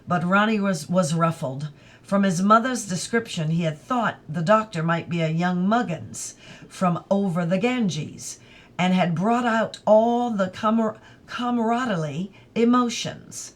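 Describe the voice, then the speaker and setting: A woman reading a classic novel aloud in a careful, deliberate narration. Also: medium pitch. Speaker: audiobook reader. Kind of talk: literary read-aloud narration.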